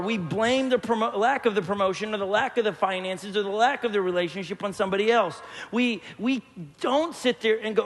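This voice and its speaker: A man's voice: high-pitched, fairly quick, a bit bright, in a large hall. A man preaching a sermon as a pastor, joking and telling stories while acting out the voices of people he quotes. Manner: humorous storytelling, quoting others in voices. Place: church hall.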